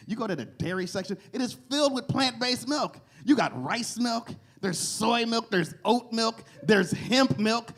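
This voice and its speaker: A man doing a stand-up comedy set in a cafe, animated, jumping into loud character voices. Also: high-pitched. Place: cafe stage with live audience.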